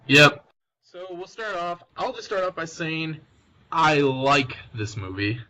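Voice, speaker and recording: Brief: young male host, fairly high and bright voice, chatty and quick to summarize. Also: dull audio. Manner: chatty, summarizes plot, frequent restarts. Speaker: podcast host. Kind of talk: casual film discussion.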